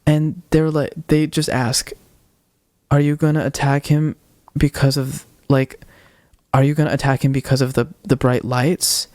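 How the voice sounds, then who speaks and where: A young man on a podcast, retelling a ghost-hunting video with animated quoted voices in casual storytelling. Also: mid-range voice, measured pace, dry recording, studio quality. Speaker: podcast co-host.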